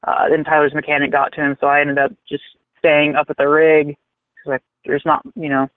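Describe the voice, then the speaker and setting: A man telling a rambling, animated story in casual chat, swearing freely. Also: fairly high pitch, normal speed, no echo. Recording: tinny phone-like line, dry.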